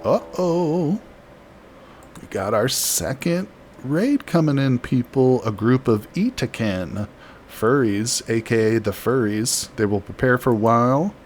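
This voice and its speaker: While live-streaming a colony game, a man chats casually, reads the chat aloud and laughs easily. His medium-pitched voice is animated but a little slow, with slight background noise behind it.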